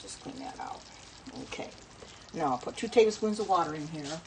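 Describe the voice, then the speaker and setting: A woman's voice: low voice, lively intonation, brisk, slight background noise, rough recording. A middle-aged woman chatting in a rambling, self-correcting way while cooking at her home stove, talking to her viewers. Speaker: home cook. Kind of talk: casual cooking vlog talk.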